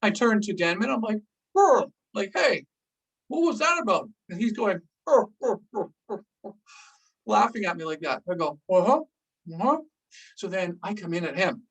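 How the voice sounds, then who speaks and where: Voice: mid-range voice, fairly bright tone, distant mic, rough recording. A person casually telling a personal story, with lots of "like" and acted-out gasps. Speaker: host recounting a diving story.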